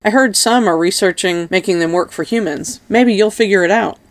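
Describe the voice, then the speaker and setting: A woman's voice: medium pitch, fairly quick, no room sound, close to an everyday voice. A woman voicing a foul-mouthed, tough female mercenary sergeant who talks in a brash, teasing way.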